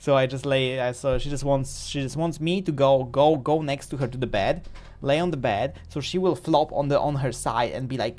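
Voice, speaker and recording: A man's voice: mid-range voice, moderate pace, few pauses, a little mellow. Playful rambling male streamer. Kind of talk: casual live-stream chat. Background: faint music.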